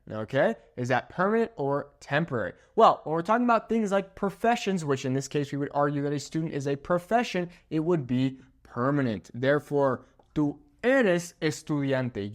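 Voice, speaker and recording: A young man teaching a language lesson at a whiteboard, upbeat and joking, checking in with "okay?" as he goes. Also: on the high side. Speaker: Spanish teacher.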